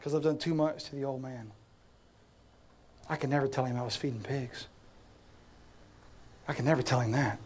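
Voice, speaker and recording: A man's voice: medium pitch, normal speed, pauses often, darkish tone, slight background noise, close to an everyday voice. A man voicing a desperate young man who talks himself into begging to go home, in an anxious, self-pleading monologue. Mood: ashamed.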